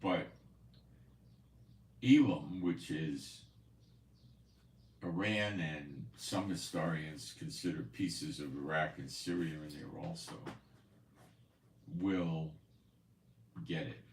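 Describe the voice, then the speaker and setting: A man's voice: very deep voice, slow, long pauses, roomy sound, far from the mic, a little hiss or hum. A man hosting a prophecy news channel, talking casually and rambling, repeating himself now and then. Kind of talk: casual commentary. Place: home in Israel.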